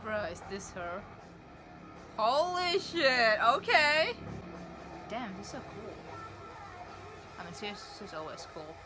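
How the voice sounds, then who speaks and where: A woman reacting to a show with excited, emotional exclamations, a soundtrack playing behind her. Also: mid-range voice, moderate pace, long pauses, over music. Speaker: video reactor. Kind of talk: reaction commentary.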